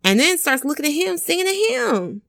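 A woman's voice: high-pitched, very animated, a little fast, vocal fry, a bit bright, dry recording, clean studio sound. A woman telling a story in casual chat, talking loosely with plenty of filler words and acting out the scenes she describes. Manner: chatty storyteller, many "like"s, acts out scenes. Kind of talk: casual chat recapping a film.

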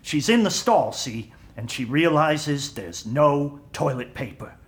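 A man's voice: on the high side, expressive, takes it slowly. An actor playing an easygoing middle-aged family man who chuckles his way through an anecdote at a holiday gathering. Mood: amused. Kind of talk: audio drama.

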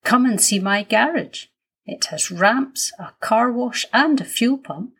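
A woman's voice: on the high side, lively intonation, slow, a bit bright, breathy edge, pitched above the performer's own voice, exaggerated voice. A woman voicing a shy, friendly little boy in a children's storybook.

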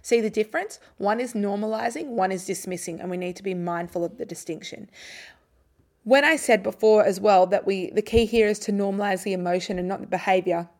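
Woman, podcast host and psychologist; calm, clear explainer of parenting techniques, mid-range voice. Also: medium pitch, brisk. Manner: calm, explanatory, models gentle phrases for parents.

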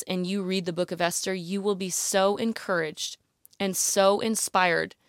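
Animated woman teaching the Bible. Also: medium pitch, clean tone, no echo, studio quality. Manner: animated and emotional, often saying "you guys" and "like, literally". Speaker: Bible teacher addressing women listeners. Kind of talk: casual Bible teaching podcast.

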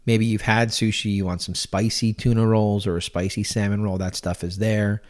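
Easygoing lower-voiced man host. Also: little pitch movement, normal speed. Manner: easygoing, chuckling, restarts phrases. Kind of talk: casual chat.

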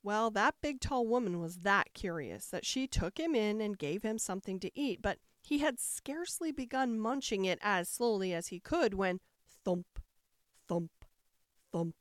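A woman reading a fairy tale aloud as a storyteller, with expressive narration and rising emphasis. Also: mid-range voice, no room sound, studio quality.

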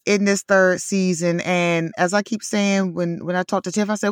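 A woman's voice: lowish voice, flat delivery, normal speed, clear, resonant tone, no echo, studio quality. A woman co-hosting a podcast in casual chat, full of "like" and "you know", laughing often. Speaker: podcast co-host.

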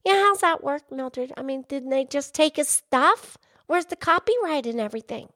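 A very high, sparkling voice belongs to a curious cartoon pig, as a woman puts her on. She chatters excitedly and peppers her co-host with eager questions. Her tone is sharp and bright throughout this playful kids' podcast. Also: moderate pace. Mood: bubbly.

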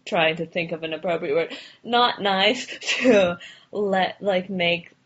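A woman's voice: fairly low pitch, slow, fairly bright tone, husky. A woman co-hosting a podcast in casual chat, talking loosely with many fillers and frequent laughs. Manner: chatty, filler-heavy, laughs often. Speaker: podcast co-host. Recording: dull lo-fi audio.

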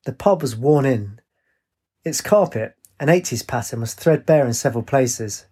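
A man narrating an audiobook in an even, measured way. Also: medium pitch, slightly rough.

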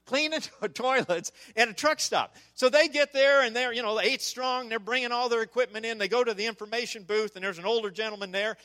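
Guy with a high bright voice telling a church story, keeps asking okay?. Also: a little fast, few pauses. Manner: animated, with frequent "okay?" asides to the audience. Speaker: speaker on church outreach. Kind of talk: storytelling sermon. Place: church service before a congregation.

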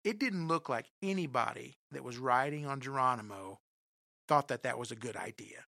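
A man telling a comic personal story in an animated, self-deprecating way, often talking straight to his listeners. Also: mid-range voice, normal speed, creaky, no echo, studio quality.

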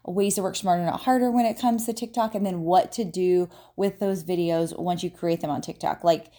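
A woman's voice: fairly low pitch, fairly even intonation, normal speed, dark tone. A woman hosting a solo podcast, talking casually with lots of fillers and "right?" tag questions. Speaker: podcast host, marketer and business owner.

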